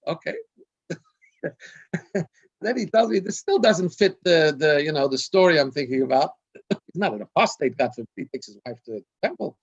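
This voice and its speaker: A man, a rabbi, tells a long funny story over a video call and chuckles at his own punchlines. His voice sits on the higher side. The audio is dull and lo-fi. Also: animated, moderate pace, pauses often, slightly rough. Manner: anecdotal, laughing at his own jokes.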